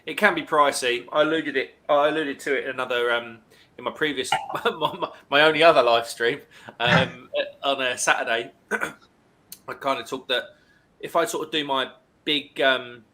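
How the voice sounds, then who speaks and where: A man's voice: mid-range voice, fairly even intonation, normal speed, pushed and bright, slight background noise. A man hosting a casual live stream, chattily reading out viewer comments and greeting people.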